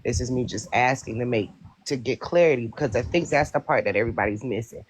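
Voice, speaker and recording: A man speaking as a guest on a live stream, measured and methodical, laying out his case through pointed questions. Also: medium pitch. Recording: noisy line with clicks.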